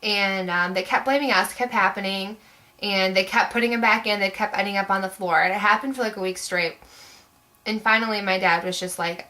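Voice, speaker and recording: A woman's voice: medium pitch, fairly even intonation, fairly quick, bright, forceful tone, rough recording. A young woman vlogger telling a story to camera in a chatty, rambling way, full of "like" fillers.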